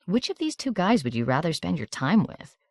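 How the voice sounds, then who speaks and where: A woman's voice: lowish voice, very animated, a little fast, no echo, studio quality. Woman reading a bold, blunt teenage girl. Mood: teasing.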